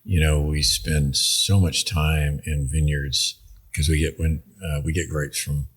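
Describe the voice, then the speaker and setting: A man, a winemaker guest on a podcast, speaks in a measured, unhurried way with many pauses and ums. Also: very deep voice, little pitch movement, fairly bright tone, breathy edge. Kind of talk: casual podcast conversation.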